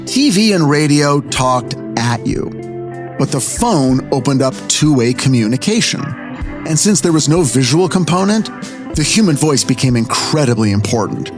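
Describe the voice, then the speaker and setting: Over music, a medium-pitched man talks at normal speed as he hosts his podcast. In his fifties, he narrates stories in a lively, conversational manner, speaking directly to the audience.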